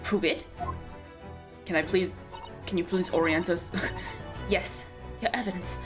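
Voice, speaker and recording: A woman's voice: lowish voice, steady tone, measured pace, over music, voice pushed down, natural voice. A woman voicing a composed, polite young female assistant while reading game dialogue, with a firm, questioning manner.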